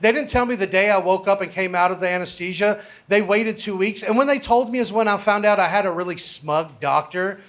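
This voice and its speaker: A man's voice: sits high, brisk, hardly any pauses, a bit bright. A man doing a stand-up set in a comedy club, telling a story loosely and building to exasperated punchlines.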